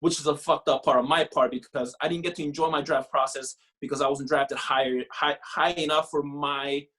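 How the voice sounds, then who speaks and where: A young man from Canada, a podcast guest and former pro ballplayer, telling his story in a casual, profane, animated way full of filler phrases. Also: a little high, brisk.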